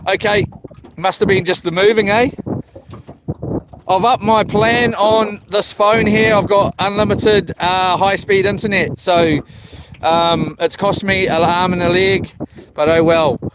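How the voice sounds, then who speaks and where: The houseboat fisherman from New is live again on a noisy phone stream, rambling easily, naming viewers as he greets them and swearing now and then. He talks a little slowly in a high voice with fairly even intonation.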